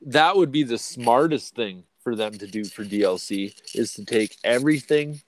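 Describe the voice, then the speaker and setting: A man's voice: mid-range voice, normal speed. A man in his thirties co-hosting a podcast, chatting casually with heavy swearing and frequent laughs. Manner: profane, rambling, laughs often. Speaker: podcast co-host. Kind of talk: casual chat.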